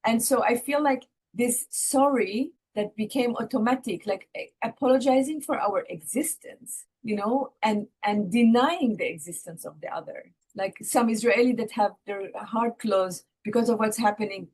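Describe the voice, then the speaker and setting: A woman's voice: a little high, normal speed, hardly any pauses, darkish tone, husky, poor audio. A woman of Palestinian background hosting a podcast, speaking in a reflective, heartfelt way. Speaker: podcast host. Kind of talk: casual podcast conversation.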